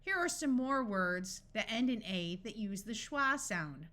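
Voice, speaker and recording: A woman tutor reads a phonics lesson aloud. She speaks slowly and carefully, stretching each sound so learners can follow. Her voice is bright and clear. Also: medium pitch, sing-song. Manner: slow, deliberate enunciation of sounds and words.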